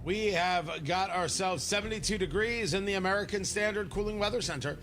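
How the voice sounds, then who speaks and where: A man's voice: high voice, fairly quick, fairly bright tone, faint music behind. A man hosting a morning radio show, joking and rambling in a casual way. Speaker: radio host.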